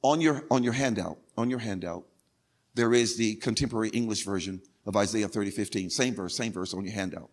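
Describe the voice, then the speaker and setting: A male pastor preaching a sermon, repeating phrases insistently and building from quiet talk to crying out. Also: a little fast. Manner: swings from low and quiet to shouting, crying out.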